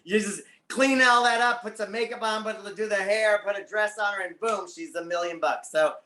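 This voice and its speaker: A man's voice: sits high, fairly even intonation, normal speed, bright, forceful tone, roomy sound. A man as a guest on a talk show, chatting casually and animatedly about his career. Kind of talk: casual interview chat.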